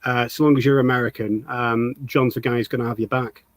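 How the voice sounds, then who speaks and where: A man's voice: mid-range voice, steady tone, fairly quick, no room sound. Earnest man hosting a fan chat. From United Kingdom. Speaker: host. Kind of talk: casual fan interview.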